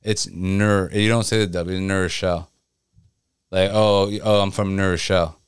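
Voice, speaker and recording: A man in his thirties with a Connecticut accent, co-hosting a casual podcast chat, profane and quick to laugh. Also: low voice, fairly even intonation, smooth, no echo, studio quality. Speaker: podcast co-host.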